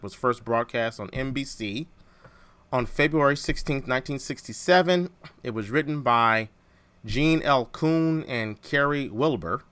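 A man hosting a casual podcast chat, animated and quick to laugh, often restarting his phrases. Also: mid-range voice, no room sound. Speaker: podcast host.

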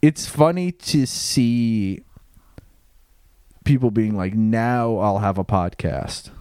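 A man's voice: lowish voice, slow pace, a little mellow, clean tone, no room sound. A man co-hosting a podcast in casual chat, blunt and sardonic, swearing freely. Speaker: podcast co-host.

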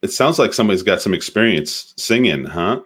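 A man with a deep voice, a guest in a casual online interview, relaxed and friendly, a bit hesitant. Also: brisk, slightly rough.

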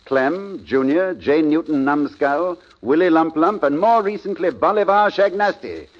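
A male radio announcer giving a formal introduction with a smooth, building delivery. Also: a little high, animated, measured pace. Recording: dull, lo-fi old radio broadcast.

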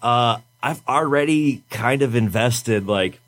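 A man's voice: medium pitch, slow, fairly bright tone. A young man on a podcast, telling a rambling, profane story in casual chat.

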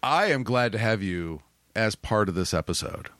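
A man hosting a podcast in casual comedic chat, with a gravelly voice, joking and laughing often. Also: on the low side, animated, moderate pace, a bit bright, dry recording. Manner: jokey, laughs often, exclamations. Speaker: podcast host.

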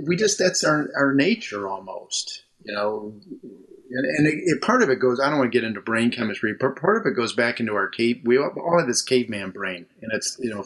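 A man's voice: medium pitch, a bit bright, husky. A man working as a mental health counselor, chatting as an interview guest from a room at home, rambling and restarting his sentences. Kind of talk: casual interview conversation.

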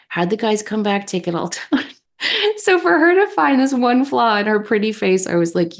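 Animated storytelling woman podcaster. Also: mid-range voice, normal speed. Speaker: podcast co-host. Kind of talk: casual chat.

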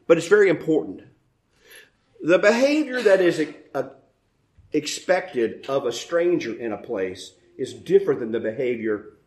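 A man preaching a sermon as pastor, animated and full of rhetorical questions. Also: medium pitch.

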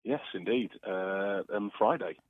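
Calling in over a tinny phone line for a phone-in interview, a comedian guest recovering from an illness is chatty and laughs often. His voice is on the low side, with a measured pace and no room sound.

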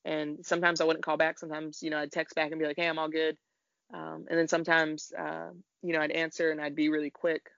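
A man's voice: a little high, creaky, fairly bright tone, dry recording. A man, a podcast guest, telling a frank, emotional personal story in a conversation and swearing now and then. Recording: dull, lo-fi.

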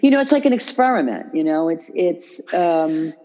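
Low, dark-voiced woman chatting animatedly. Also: normal speed. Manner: animated, restarts often, many fillers. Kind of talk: casual conversational chat. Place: New York.

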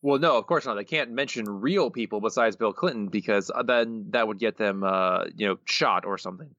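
A man's voice: on the low side, brisk, fairly bright tone, no echo. Wry man on slightly dull audio. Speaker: podcast co-host. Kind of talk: casual chat.

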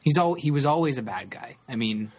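A man co-hosting a casual podcast chat, halting and repeating words with many fillers. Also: mid-range voice, expressive, darkish tone, breathy edge. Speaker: podcast co-host.

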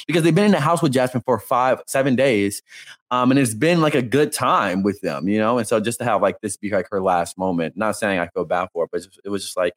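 A man co-hosting a casual chat, talking in an animated way and saying "like" often. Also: fairly low pitch, fast. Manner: animated, chatty, heavy use of "like". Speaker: podcast co-host.

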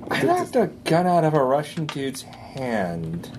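Tabletop player, chatty, hesitant, lively pitch, noisy recording. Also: a little slow. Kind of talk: tabletop role-play.

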